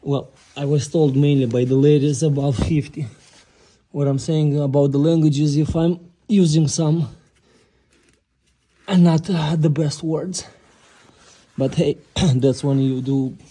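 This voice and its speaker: Slow, mellow-voiced man fixing his car. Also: fairly high pitch. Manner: chatty, exclaims at what he finds, addresses viewers as guys; mentions having a non-native accent. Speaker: DIY car repair vlogger. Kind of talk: casual how-to narration while working. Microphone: phone recording nearby.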